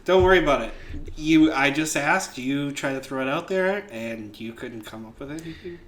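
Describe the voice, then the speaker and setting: Young male co-host, bright tone, playful and boastful in casual banter. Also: fairly high pitch, moderate pace. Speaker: podcast co-host. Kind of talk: casual comedic chat.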